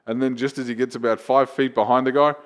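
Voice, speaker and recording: Profane comedian telling stories. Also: male voice, mid-range voice, fast talker. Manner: animated, profane anecdotes with acted-out quotes. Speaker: comedian and open mic host. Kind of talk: casual podcast storytelling.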